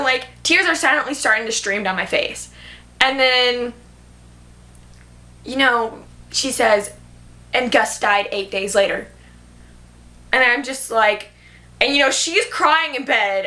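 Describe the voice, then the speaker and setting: A woman's voice: on the high side, bright, forceful tone. A young woman vlogger chatting casually about a movie she loved, gushing and filling her talk with "like". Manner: gushing, filler-heavy, many "like"s. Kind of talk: casual movie review chat.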